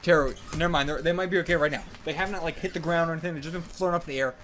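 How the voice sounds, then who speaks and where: Excitable man reacting with frequent swearing. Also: a little high, racing, few pauses. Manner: excitable, swears and shouts at the page. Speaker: anime reaction host. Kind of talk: casual reading reaction.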